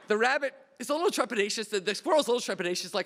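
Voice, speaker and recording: A man speaking at a memorial event as host, with a high, bright voice. He tells a long anecdote with light humor before introducing the panel. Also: very animated, rapid-fire, hardly any pauses. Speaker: department representative and panel host. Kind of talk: memorial speech.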